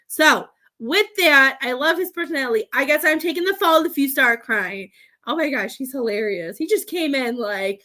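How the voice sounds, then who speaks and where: Rambling, affectionate woman medium, somewhat high voice. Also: expressive, fairly bright tone. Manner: halting, rambling, frequent restarts; affectionate terms for sitters. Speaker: psychic medium. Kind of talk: live online reading.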